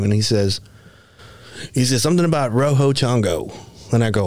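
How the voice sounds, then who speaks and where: A man's voice: fairly low pitch, fairly quick, a little mellow, no room sound. A man being interviewed, telling a long story in a casual, rambling way with many restarts. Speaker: Bigfoot researcher guest.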